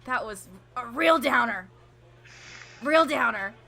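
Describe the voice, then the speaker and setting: A woman's voice: on the high side, animated, takes it slowly, creaky, bright, forceful tone. A woman playing a tabletop game, making dry, teasing remarks.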